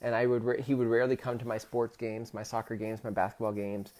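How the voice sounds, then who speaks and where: A man in his thirties, a podcast host, telling a personal story in a halting way, with many restarts and rising emotion. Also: medium pitch, completely flat delivery. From Pacific Northwest of the US. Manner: halting, many restarts, gets loud and emotional when retelling.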